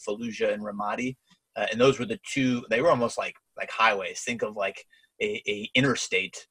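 A man hosting a podcast, a Marine veteran telling war stories in a relaxed, explanatory way with many fillers. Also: lowish voice, breathy edge, dry recording, poor audio. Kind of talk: conversational war storytelling.

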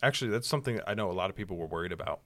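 A man's voice: fairly low pitch, animated, rapid-fire, a bit bright, no echo. A young man co-hosting a casual political podcast, teasing and bantering playfully. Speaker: podcast co-host.

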